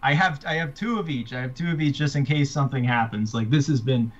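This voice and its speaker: Man, author, casual chat, halting restarts, mid pitch, muffled lo-fi sound. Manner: halting, many restarts and fillers.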